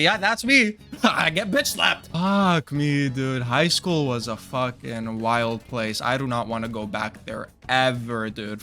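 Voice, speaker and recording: Young guy, storytime vlogger, swears a lot, bright edge, soft music under. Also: on the high side. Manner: crude, profane, animated storytelling, bro-talk. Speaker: vlogger telling a personal story. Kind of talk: storytime monologue.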